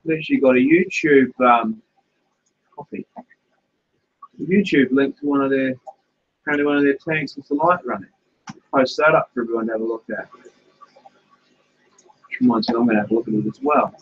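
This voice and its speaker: A man's voice: mid-range voice, moderate pace, pauses often, slight background noise. A man hosting a casual live stream from his home fish room, chatting and thinking aloud while he reads comments. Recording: dull lo-fi stream audio.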